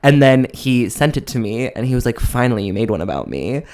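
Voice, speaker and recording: Male podcast co-host, chatty storyteller, clear smooth voice, mid pitch. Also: very animated, brisk, darkish tone. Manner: chatty, gossipy, lots of "like". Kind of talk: casual chat, storytelling.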